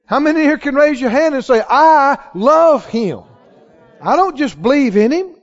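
High-voiced preacher in a big echoing hall. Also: male voice, expressive, a little fast. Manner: emphatic, rising to shouts on key lines. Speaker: pastor. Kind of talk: sermon. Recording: dull sound with long hall reverb.

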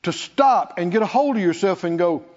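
A man preaching a sermon, lively and playful, acting out scripture scenes with laughter. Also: high voice, moderate pace. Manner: animated, acts out Bible figures with laughter. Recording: lo-fi recording in a reverberant hall.

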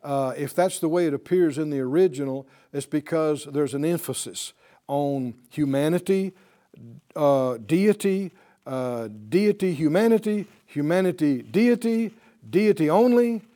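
A man with a high, very animated voice teaches a Bible class in a classroom. He talks slowly and with emphasis, pausing to quiz his students with questions.

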